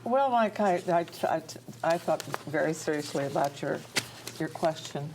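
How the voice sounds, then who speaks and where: A woman giving her views on a televised panel, earnest and halting, often repeating words as she searches for them. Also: low voice, animated, background noise. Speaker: panelist, speech coach. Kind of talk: political panel discussion. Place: TV studio.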